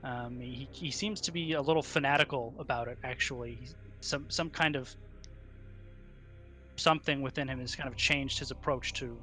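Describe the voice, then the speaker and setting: A man's voice: medium pitch, normal speed, bright, forceful tone, soft background music. A man narrating a tabletop game as game master, in a hesitant way full of fillers and restarts.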